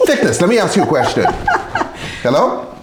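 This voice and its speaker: A man hosting a podcast, talking in a loose, profane, animated way with frequent restarts. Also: on the high side, normal speed, reverberant, slight background noise. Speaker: podcast host. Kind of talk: casual chat.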